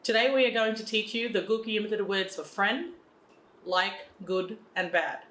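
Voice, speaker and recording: A woman's voice: medium pitch, fairly even intonation, moderate pace, fairly bright tone, reverberant, a little hiss or hum, low-quality recording. A woman teaching an Aboriginal language, patiently repeating each phrase for learners to say back. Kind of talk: slow instructional drilling.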